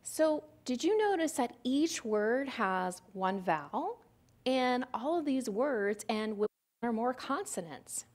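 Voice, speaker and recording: A woman's voice: on the high side, expressive, slow pace. A woman giving a recorded lecture on syllables and phonics, explaining step by step and asking the listener questions. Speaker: literacy presenter.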